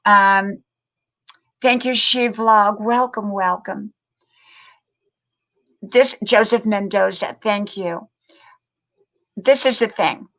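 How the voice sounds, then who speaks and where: An older woman hosts a casual live stream in a friendly, talkative way. She welcomes viewers by name and often says things twice, in a voice of middle pitch. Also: slow, long pauses, a bit bright, poor audio. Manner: chatty, greets viewers by name, repeats words. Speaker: livestream host.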